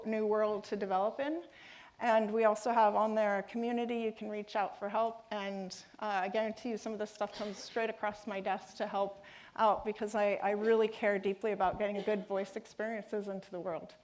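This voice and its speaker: Woman giving a conference talk, bit high voice, lots of ums and restarts. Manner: hesitant, many fillers and restarts. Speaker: conference speaker.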